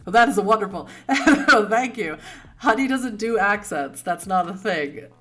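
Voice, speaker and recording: A woman's voice: medium pitch, lively intonation, unhurried, faint music behind. Chatty Boston woman on a livestream. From Boston, United States. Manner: chatty, laughs often, warm and rambling. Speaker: streamer host answering chat. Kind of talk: casual livestream chat.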